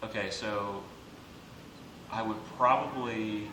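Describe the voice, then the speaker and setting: A man from Georgia, a motovlogger, talking casually in an interview with a profane, animated ranting manner. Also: fairly low pitch, slow. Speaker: motovlogger guest. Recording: echoey room, far from the mic, noisy.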